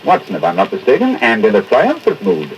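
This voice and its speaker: A crisp, sardonic detective talks briskly and dismissively, his pitch leaping up and down. It comes from a 1940s radio drama with a dull, lo-fi sound and faint hiss. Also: huge pitch swings. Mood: amused. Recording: dull old radio broadcast recording.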